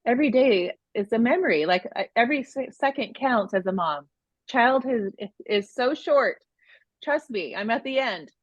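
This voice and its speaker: On a live video parenting course, a woman in her forties co-hosting the session talks with feeling, rambling and restarting often in this emotional, casual exchange. Her voice sits on the high side, animated and moderately paced, with no echo, captured in dull lo-fi sound.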